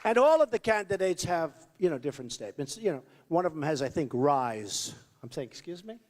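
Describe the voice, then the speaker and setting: A man's voice: a little high, very animated, fast talker, in a large hall. Rambling, boastful man in his sixties at a rally. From New York, United States. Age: 60s. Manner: rambling, boastful, repetitive asides. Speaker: political candidate. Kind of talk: campaign rally speech. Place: large hall with a crowd.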